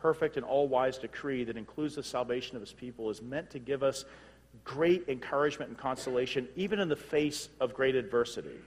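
A man preaching a sermon, emphatic, with loud rising bursts and quick laughs. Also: mid-range voice, slightly rough. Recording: long hall reverb.

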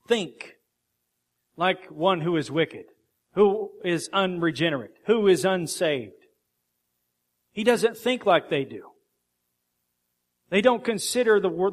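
A man preaching a sermon as pastor, reading scripture aloud and slowing down to stress each verse. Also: high voice. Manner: earnest preaching, reads scripture aloud with slow emphasis.

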